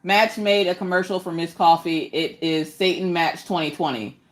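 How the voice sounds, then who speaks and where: A woman, chatting casually and joking on a crafting live stream while she works. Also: moderate pace. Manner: joking, self-deprecating, jumps into high squeaky voices to greet viewers. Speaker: livestream host doing diamond painting.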